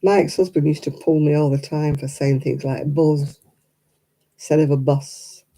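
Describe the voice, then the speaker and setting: Middle-aged woman chatting at home, dark mellow voice, a bit husky, laughs a lot. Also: low voice, little pitch movement, normal speed, rough recording. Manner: chatty, laughs often, mimics other accents. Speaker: vlogger. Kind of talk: casual chat to camera. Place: quiet room at home.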